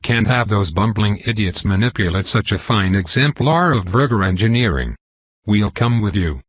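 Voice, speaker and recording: A man voicing a stubborn, grumpy old bearded smith in a fantasy audiobook, with a gruff manner. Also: fairly low pitch, animated, normal speed, no echo, clean studio sound.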